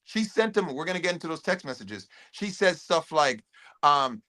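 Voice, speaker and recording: A man's voice: a little high, sing-song, moderate pace, pushed and bright. Chatty man hosting a livestream. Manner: conversational, repeats words, reads chat aloud. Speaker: host. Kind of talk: casual livestream commentary.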